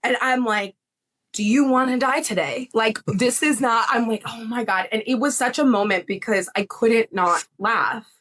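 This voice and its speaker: A young adult woman, a psychic medium and podcast guest, telling a story in casual chat, animated and laughing, acting out the voices of others. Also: on the high side, moderate pace, hardly any pauses.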